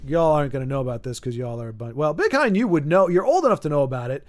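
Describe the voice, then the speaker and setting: A man's voice: on the high side, sing-song, very fast. A man streaming a card game playtest, chatting in a playful, rambling way and laughing easily. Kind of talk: casual chat while playtesting a card game.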